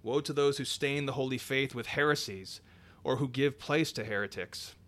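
Solemn man reading an old sermon. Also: medium pitch. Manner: measured, solemn reading; drops quieter for scripture citations. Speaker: reader. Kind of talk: reading a patristic sermon aloud.

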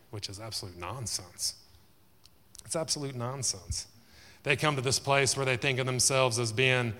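A man's voice: mid-range voice, pushed and bright, long reverb tail. A man preaching a sermon, emphatic and repetitive, building to exclamations.

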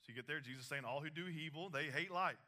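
A man preaching a sermon, animated, with casual asides and laughs, a parent of young children. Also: a little high, fast talker. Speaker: pastor.

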